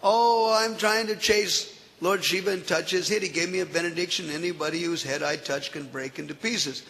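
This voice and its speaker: A man voicing a gullible male demon who muses softly and is easily flattered. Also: high-pitched, normal speed, creaky, exaggerated voice. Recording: echoey hall.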